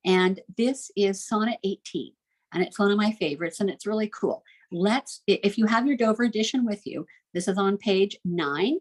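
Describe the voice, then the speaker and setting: A woman's voice: medium pitch, normal speed, low-quality recording. A woman teaching a recorded homeschool literature lecture, chatty and enthusiastic, with frequent "uh" fillers.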